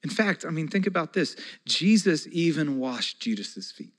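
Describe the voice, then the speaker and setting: A pastor in his forties delivers a sermon in a slightly higher-than-average male voice. He keeps it conversational and earnest, slipping in folksy asides as he speaks. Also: very animated, normal speed.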